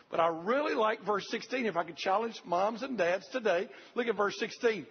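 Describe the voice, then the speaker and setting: A man's voice: high-pitched, normal speed, slightly rough. An older man preaching a sermon, earnest and repetitive, speaking straight to the congregation. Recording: dull lo-fi recording.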